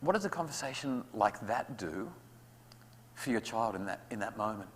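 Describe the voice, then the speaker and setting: A man's voice: on the low side, lively intonation, normal speed, a little hiss or hum. Australian man giving a talk in a hall. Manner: conversational and humorous, acts out parents' lines. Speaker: guest speaker on parenting. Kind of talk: public talk to parents. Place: school hall. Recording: long hall reverb.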